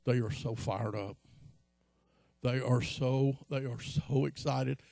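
A man's voice: fairly even intonation, slow pace, creaky, mellow, no room sound. A man preaching a sermon as pastor, telling stories from his life and acting out quotes. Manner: storytelling, acts out quotes in a high voice.

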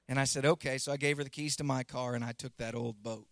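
A man's voice: medium pitch, expressive, fast talker, hardly any pauses, a bit bright, no room sound. A man in his thirties preaching a sermon as pastor, telling personal stories and closing in prayer, with earnest rising emphasis.

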